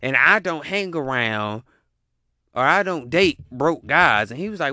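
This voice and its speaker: A man's voice: on the high side, animated, measured pace, bright, forceful tone, dry recording, clean studio sound. A man giving a heated, profane reaction rant, repeating his punchlines. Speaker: commentator reacting to a video.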